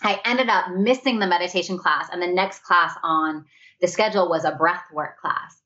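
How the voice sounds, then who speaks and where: A woman guest talks through a personal story in an earnest, reflective conversational tone, her voice sitting low for a woman. She often slips into quoting what she thought back then. The recording sounds a little dull and lo-fi. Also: normal speed, sharp tone.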